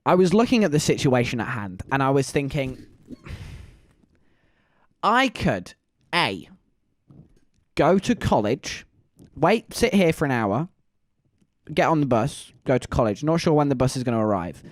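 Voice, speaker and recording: A young man tells a story in a casual, rambling way, full of fillers and asides. His voice sits at a middle pitch, and it is recorded close and dry. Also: big pitch swings, a little slow, long pauses, dry recording. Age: young adult. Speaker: vlogger.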